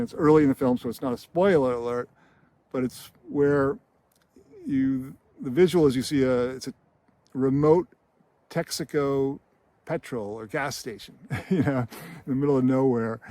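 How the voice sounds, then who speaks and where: A man's voice: mid-range voice, normal speed, mellow, no room sound. A man hosting a screenwriting show, retelling and analyzing a film scene in a casual, enthusiastic way. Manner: enthusiastic storyteller, laughs often.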